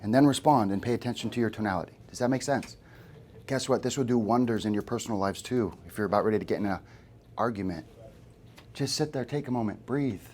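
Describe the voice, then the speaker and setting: A man's voice: fairly low pitch, fast, a little mellow, slight background noise. A man giving a live sales training to a room of agents, talking casually and often checking in with questions to the group. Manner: conversational, asks the room questions.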